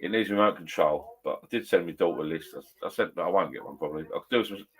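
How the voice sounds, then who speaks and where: A middle-aged man rambles through a casual live stream from his garden bar shed. His voice sits fairly low. He talks in a chatty, blokey way, restarts his sentences, and reads out viewer comments as he goes. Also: quick pace.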